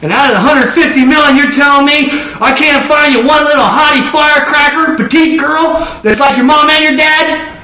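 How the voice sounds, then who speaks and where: A man voicing a stern male divine figure who rebukes him in a high, emphatic tone. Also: sing-song, moderate pace, fairly bright tone, heavily acted. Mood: incredulous. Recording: echoey room.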